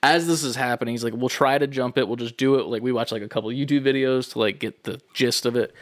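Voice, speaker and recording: A young man casually telling a long story, animated and profane, acting out the people in it. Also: mid-range voice, quick pace, no echo. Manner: animated, swearing, acts out voices in his stories.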